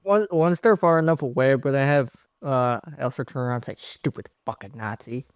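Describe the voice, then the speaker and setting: A tabletop player jokes around with a very lively, bouncing pitch. The sound is dry and close. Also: a little fast, clear, resonant tone, no room sound. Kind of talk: tabletop role-play.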